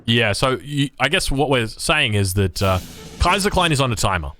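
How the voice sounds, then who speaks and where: A man's voice: mid-range voice, animated, moderate pace, sharp tone, faint music behind. A man casting a strategy game match play by play, upbeat and joking, often asking his co-caster questions. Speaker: esports caster.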